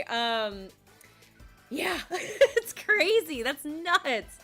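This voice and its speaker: Bright-voiced bubbly woman streamer, hoarse. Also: sits high. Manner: bubbly, giggly, greets chat excitedly. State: hoarse, voice cracking. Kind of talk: casual live-stream chat.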